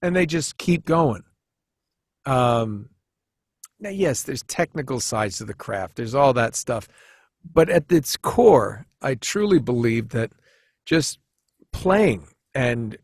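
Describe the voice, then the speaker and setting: A man chatting as a podcast guest, telling stories in an animated, rambling way with many restarts, often jumping into quoted voices. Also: mid-range voice, slow, pauses often, no echo, studio quality. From United States. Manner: animated storyteller who jumps into quoted voices. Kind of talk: casual storytelling chat.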